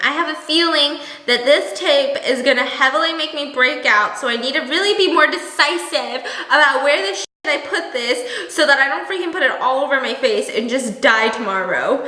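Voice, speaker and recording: Chatty high-voiced young woman vlogging. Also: moderate pace, few pauses, reverberant, low-quality recording. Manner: chatty, animated, laughs while telling stories. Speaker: beauty vlogger. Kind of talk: casual storytelling vlog.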